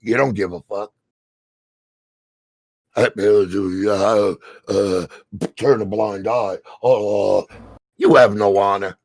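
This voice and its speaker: A middle-aged man with a New Jersey accent, delivering a heated, profanity-filled rant on a stream, stammering and shouting as he goes. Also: lowish voice, fairly even intonation, takes it slowly, gravelly, long pauses, dry recording. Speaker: stream co-host. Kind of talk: angry ranting commentary.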